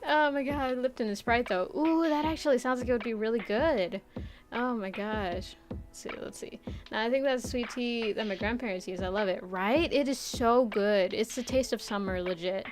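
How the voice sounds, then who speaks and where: A young woman from the Midwest streaming a casual chat, animated and chatty, laughing often as she reads chat aloud. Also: on the high side, moderate pace, over music. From Midwest United States.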